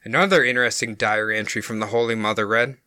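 A male podcast host telling a case story casually, with an amused tone. His voice is very bright and sits at a middle pitch, recorded dry with no room sound. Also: fast talker, no room sound. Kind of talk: storytelling narration.

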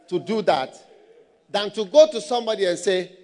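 High-voiced, animated preacher. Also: male voice, normal speed. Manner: animated storytelling, bursts of shouting and laughter. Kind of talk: sermon. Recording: long hall reverb.

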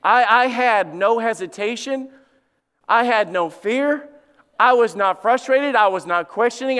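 Middle-aged man, lead pastor, storytelling sermon, smooth resonant voice, animated self-mocking humor, long church reverb. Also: high-pitched. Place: church sanctuary.

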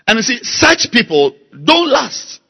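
A man preaching a sermon, slow and emphatic, repeating key words and building to loud exhortation. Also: extremely high pitch, sing-song, gravelly, breathy edge. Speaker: pastor.

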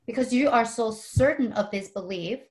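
A woman hosts a relaxed interview and talks in a chatty way, peppering her sentences with "like". Her voice sits a little high. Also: moderate pace. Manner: chatty, leans on "like" a lot. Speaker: podcast host. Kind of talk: casual interview chat.

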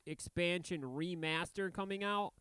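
A man with a smooth, clear, slightly high voice, recorded dry and close. He riffs sarcastically in crude, profane banter. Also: unhurried, a bit bright, no room sound. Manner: sarcastic riffing, crude jokes. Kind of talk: casual profane podcast chat.

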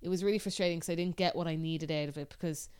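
A woman's voice: on the low side, steady tone, very fast, darkish tone, clean tone. An Irish woman co-hosting a podcast, telling a story in a chatty, sweary way and laughing often. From Ireland. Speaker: podcast co-host. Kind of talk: casual chat.

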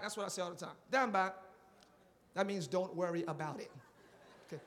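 A male pastor preaching a live sermon, animated and repetitive, asking the congregation for responses and dropping into casual slang. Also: high-pitched, a little fast. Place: church sanctuary. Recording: long reverb of a large church.

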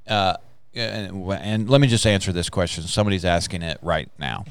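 A man's voice: low-pitched, normal speed, clear, resonant tone, dry recording. A man hosting a faith podcast, talking emphatically in a preacher-like way, with frequent hallelujahs. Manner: emphatic, exclaims hallelujah and praise the Lord. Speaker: podcast host.

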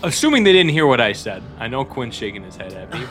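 A man's voice: mid-range voice, big pitch swings, fast talker, over music. A man playing a tabletop game, chatting casually with a sarcastic, easygoing manner. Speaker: player.

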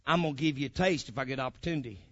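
A man's voice: medium pitch, racing, fairly bright tone, no echo. A man preaching a sermon, fiery and colloquial, calling out to his congregation. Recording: muffled lo-fi recording.

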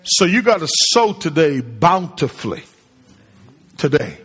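A man's voice: fairly high pitch, very animated, a little slow, fairly bright tone, breathy edge. A man preaching a sermon to his congregation in call-and-response style, quizzing them as he speaks. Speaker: pastor. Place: church sanctuary. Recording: long hall reverb.

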